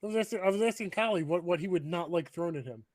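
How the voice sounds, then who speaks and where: An Irish man co-hosting a live stream, excitable and swearing, laughing often. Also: sits high, quick pace, dry recording. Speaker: podcast co-host. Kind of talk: casual chat on a live stream.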